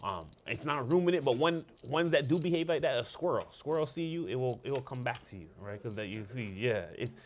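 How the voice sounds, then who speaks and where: A man leading a casual Bible study, explaining the text in a lively, conversational way and often checking in with his listeners. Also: mid-range voice, a little fast, hardly any pauses, slight background noise. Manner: animated, conversational, asks "all right?" often. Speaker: church teacher.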